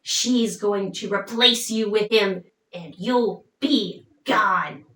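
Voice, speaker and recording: A woman's voice: medium pitch, takes it slowly, fairly bright tone. A woman voicing a furious, jealous male lover who bitterly warns his rival. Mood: spiteful. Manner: bitter, warning. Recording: roomy, distant mic.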